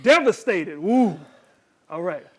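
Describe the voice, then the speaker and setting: A man's voice: high voice, lively intonation, slow pace, a bit bright. A man hosting a local TV talk show, chatting playfully with guests in a studio, laughing easily and using lots of fillers. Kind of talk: casual studio interview.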